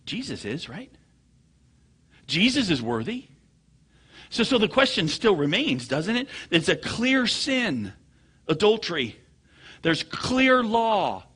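A man preaching a sermon, telling stories with animated swings from low murmurs to loud high bursts. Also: slightly rough. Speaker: pastor.

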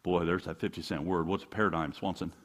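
A middle-aged pastor preaches a sermon in church, speaking conversationally and with animation, packing in rhetorical questions. His voice is deep and fast.

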